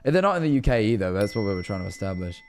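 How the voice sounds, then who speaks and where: A man's voice: on the low side, sing-song, racing, a little mellow, a little hiss or hum. Laid-back young man streaming. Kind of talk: casual live-stream chat.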